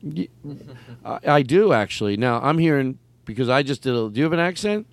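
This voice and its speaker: A man's voice: mid-range voice, expressive, a little fast, creaky, dry recording. A man hosting a comedy podcast, talking casually, rambling and circling back to press his point. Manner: rambling, restarts, builds arguments insistently. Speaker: podcast host.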